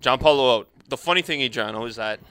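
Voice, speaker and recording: A man's voice: mid-range voice, fast talker, pushed and bright, smooth, no echo. A man hosting a casual sports podcast and leading the talk from topic to topic. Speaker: podcast host.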